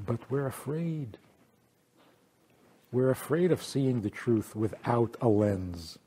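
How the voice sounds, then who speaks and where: A rabbi teaching a lively lecture, teasing his listeners with rhetorical questions. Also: medium pitch, takes it slowly, slight background noise.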